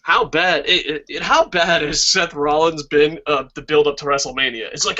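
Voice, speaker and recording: A man's voice: a little high, moderate pace, few pauses. A man hosting a wrestling talk stream, ranting casually with lots of swearing. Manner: profane, ranting, excitable. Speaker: wrestling talk show host. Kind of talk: casual live-stream chat. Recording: dull lo-fi stream audio.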